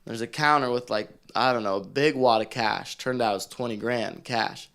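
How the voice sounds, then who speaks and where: A man in his twenties with a noticeably gravelly, fry-edged voice, chatting as a podcast guest. He talks in a loose, animated storytelling way, full of laid-back slang, and laughs easily. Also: medium pitch, moderate pace. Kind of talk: casual storytelling.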